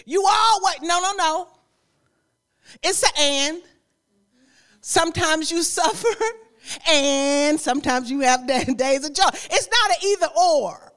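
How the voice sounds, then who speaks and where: Speaking slowly with frequent pauses in a high-pitched voice, a woman preacher gives a lively, conversational sermon. She repeats phrases, laughs a lot, and talks directly to the congregation.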